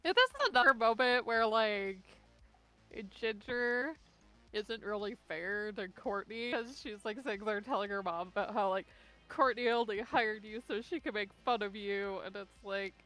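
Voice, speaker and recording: Young woman, mid-pitched, easygoing co-host chat with frequent laughs. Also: moderate pace, faint music behind. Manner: relaxed, laughs often, uses filler words. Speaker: podcast co-host. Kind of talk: casual chat.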